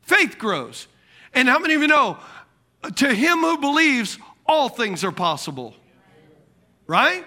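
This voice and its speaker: Animated high-voiced man preaching. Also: unhurried, long pauses. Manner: animated preaching, quotes imagined people, laughs at himself. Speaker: pastor. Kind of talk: sermon.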